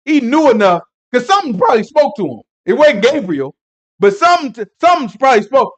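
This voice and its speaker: Man, Bible teacher, high-pitched, animated, rambling, emphatic, laughs often. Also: brisk. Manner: emphatic, preachy asides. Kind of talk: Sabbath lesson teaching.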